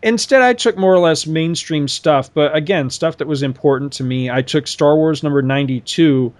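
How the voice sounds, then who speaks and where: A man's voice: a little high, normal speed. Rambling, chatty man telling stories. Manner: rambling, animated storytelling with many fillers. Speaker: podcast co-host. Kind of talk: casual chat.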